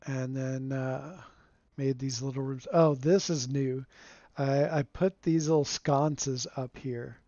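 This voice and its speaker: Laid-back guy streaming a game, talks slow, kinda rambly, chuckles a lot, dull dry mic. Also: medium pitch, no room sound. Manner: relaxed, rambling, chuckles often. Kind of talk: casual gameplay commentary.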